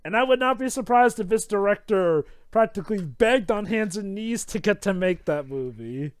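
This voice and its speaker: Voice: medium pitch, expressive, normal speed, clear, resonant tone, dry recording. A speaker doing jokey, casual group commentary while watching a movie. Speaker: commentary co-host.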